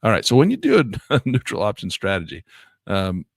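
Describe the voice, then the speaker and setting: Male trading teacher, gravelly and animated, griping at his tools, voice leaping high in exasperation. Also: a little fast, dry recording, studio quality. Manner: chatty, grumbles at software, voice jumps high when exasperated. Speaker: trading instructor. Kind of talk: live trading lesson.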